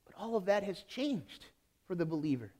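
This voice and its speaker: A man preaching a sermon as pastor, emphatic and deliberate, building on repeated phrases. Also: high-pitched, sing-song, dark tone.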